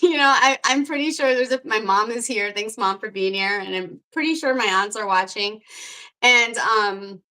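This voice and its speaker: A woman's voice: medium pitch, moderate pace, bright, forceful tone. A woman guest on a livestream, chatting casually in a rambling way and laughing often. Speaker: guest, beauty creator. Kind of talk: casual live chat.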